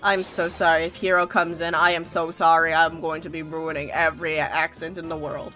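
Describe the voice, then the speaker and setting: Woman streamer, lowish voice, casual, swears a lot, self-deprecating game commentary. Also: little pitch movement, normal speed, hardly any pauses, sharp tone, soft background music.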